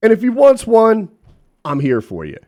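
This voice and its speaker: A man's voice: sits high, moderate pace. A middle-aged man telling a story in casual chat, quoting the people in it and swearing freely. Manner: animated, profane, quotes people in voices.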